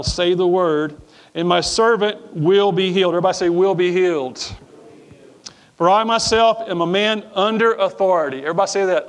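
A middle-aged male pastor preaching a sermon in a church, reading scripture and calling on the congregation to answer back, often repeating his words. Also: sits high. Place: church sanctuary before a congregation.

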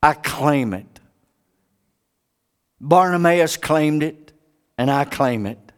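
A male preacher delivering an impassioned sermon. His voice is smooth and clear, swinging widely in pitch, and he takes an unhurried, deliberate pace. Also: lively intonation. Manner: dramatic, impassioned, sweeping pitch.

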